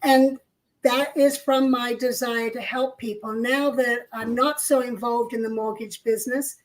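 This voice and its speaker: A woman's voice: fairly high pitch, fairly even intonation, a little slow, low-quality recording. An older woman co-hosting a casual discussion, telling stories in an earnest way. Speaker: co-host. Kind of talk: casual chat.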